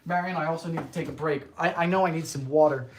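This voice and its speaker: A man's voice: a little high, fast talker, a little hiss or hum. A man hosting a casual baking livestream from his home kitchen, chatting playfully, reading viewer comments and bursting into goofy laughter. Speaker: baking show host.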